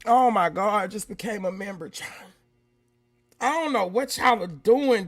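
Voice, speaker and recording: A woman hosting a casual livestream, greeting viewers by name and shifting between loud exclamations and quiet, emotional talk. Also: mid-range voice, measured pace, soft background music. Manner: emotional, swings from loud exclamations to soft near-whispers; talks straight to chat, greeting viewers by name. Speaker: YouTube livestream host.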